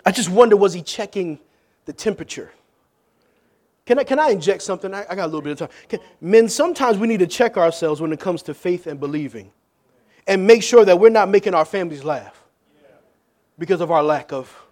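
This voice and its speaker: High-voiced pastor preaching with loud-soft swings. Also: male voice, a little fast. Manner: lively preaching, swings from loud jokes to hushed questions. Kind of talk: sermon.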